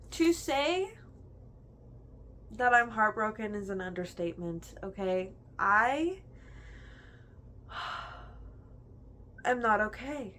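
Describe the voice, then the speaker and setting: A woman's voice: mid-range voice, animated, extremely slow, long pauses, a bit bright, a little hiss or hum. A young woman in a casual book review chat, gushing and chatty, filling her talk with "like". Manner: gushing, chatty, heavy use of "like".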